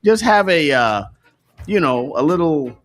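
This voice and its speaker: A man's voice: a little high, animated, unhurried, fairly bright tone. Laughing, profane male stream host. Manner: joking, laughs often, profane slang. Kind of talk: casual livestream chat.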